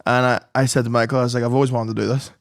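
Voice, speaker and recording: A man's voice: mid-range voice, little pitch movement, rapid-fire, vocal fry, dry recording, clean studio sound. A young man, co-hosting a podcast, telling sweary stories in casual chat and laughing often. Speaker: podcast co-host.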